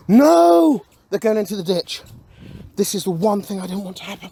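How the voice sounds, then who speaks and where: Excitable young man vlogging outdoors. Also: high-pitched, normal speed, creaky, husky. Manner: excitable, keeps addressing viewers as boys, swings from mumbling to yelling. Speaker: streamer. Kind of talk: casual vlog narration. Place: outdoor garden.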